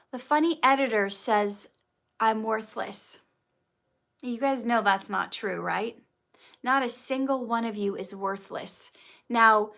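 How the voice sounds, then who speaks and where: Slow, chatty woman livestreaming to viewers. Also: on the high side, a bit bright. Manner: chatty and encouraging, reads chat comments aloud. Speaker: livestream host answering viewer comments. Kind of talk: casual livestream chat.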